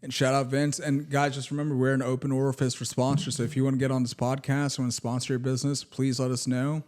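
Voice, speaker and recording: A man co-hosting a podcast in casual chat, easygoing and quick to laugh and chime in. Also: medium pitch, little pitch movement, a little mellow. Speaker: podcast co-host.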